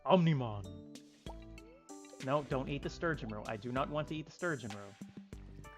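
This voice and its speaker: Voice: mid-range voice, expressive, normal speed, over music. A co-player chatting casually and teasing playfully during a game stream. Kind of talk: casual chat while gaming.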